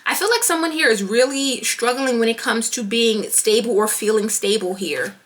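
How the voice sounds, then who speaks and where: A woman doing a tarot card reading, animated and thinking aloud as she pulls cards. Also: on the high side, normal speed. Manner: animated, talking to herself while pulling cards. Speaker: tarot reader.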